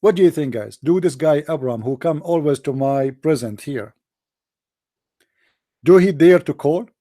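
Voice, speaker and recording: A man's voice: on the high side, normal speed, mellow, no echo. A man on a live stream, talking sarcastically and taunting his opponents as he addresses them directly. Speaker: religious debate streamer. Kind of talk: mocking live-stream polemic.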